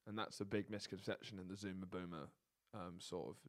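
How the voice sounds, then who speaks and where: A young man with a fairly low voice co-hosts a relaxed comedy chat. He builds mock-serious rants and laughs easily at his own jokes. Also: a little fast. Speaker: podcast co-host.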